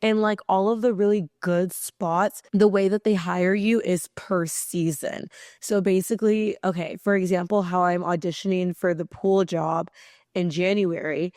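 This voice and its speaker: A woman hosting her own podcast in a casual, rambling chat, with her voice hoarse and fading. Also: on the low side, fairly even intonation, unhurried, a little mellow, no echo, clean studio sound. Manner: chatty, rambling, swears casually. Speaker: podcast host.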